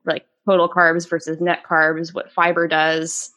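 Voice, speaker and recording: Lower-voiced woman hosting a podcast. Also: monotone, a little slow, bright, forceful tone. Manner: engaged and conversational, agreeing with her guest. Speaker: podcast host. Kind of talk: casual interview chat.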